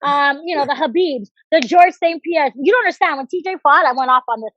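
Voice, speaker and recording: A woman, a professional fighter guest in a casual podcast interview, rambling in fast, animated, profane rants. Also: sits high, no echo. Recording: slightly dull, dry recording.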